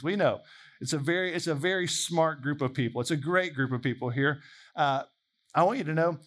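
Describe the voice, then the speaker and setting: A man preaching a sermon in a conversational, animated way, imagining dialogue aloud. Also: fairly high pitch.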